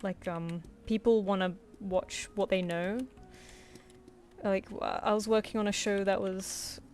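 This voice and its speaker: A woman's voice: medium pitch, fairly even intonation, measured pace, darkish tone. A woman chatting casually with viewers while she draws on a live stream, rambling and laughing easily. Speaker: streaming artist. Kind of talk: casual chat while drawing.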